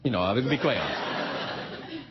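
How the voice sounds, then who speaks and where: A man's voice: medium pitch, very animated, a little slow, slightly rough. A man, a late-night talk show host, delivering a jokey stand-up monologue and acting out voices in the quotes. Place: television studio with live audience. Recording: dull broadcast audio with loud audience. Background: audience laughter.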